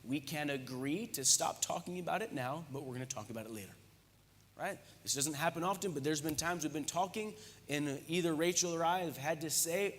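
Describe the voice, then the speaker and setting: Joking preacher in an echoey church. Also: male voice, on the high side, fairly quick. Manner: lively, joking, conversational preaching. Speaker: pastor. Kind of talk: sermon. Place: church hall. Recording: echoey church hall reverb.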